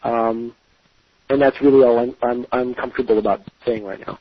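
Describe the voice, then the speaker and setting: A man's voice: mid-range voice, fairly even intonation, no echo. Guy dev on an interview, lots of ums and restarts, kinda guarded, muffled radio recording. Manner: halting, many fillers and restarts, guarded. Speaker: game developer guest. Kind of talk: casual interview.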